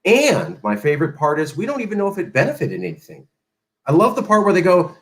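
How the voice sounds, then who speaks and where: A man's voice: fairly high pitch, very animated, quick pace, low-quality recording. Sarcastic man hosting a political talk show. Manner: sarcastic, emphatic, mocking quoted voices. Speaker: host.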